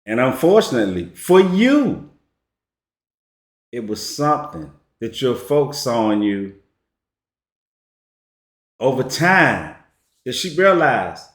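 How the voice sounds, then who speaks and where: A man's voice: medium pitch, very animated, unhurried, pauses often. A man giving a casual storytelling monologue as a relationship commentator, slangy and emphatic. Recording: echoey room.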